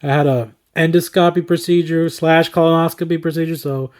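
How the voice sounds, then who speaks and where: A slightly hoarse man talking enthusiastically through his favorite movies, rambling with fillers and chuckles. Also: fairly high pitch, fairly even intonation, brisk, darkish tone. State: slightly hoarse, throat recovering. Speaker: movie collector and vlogger. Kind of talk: casual movie-ranking commentary.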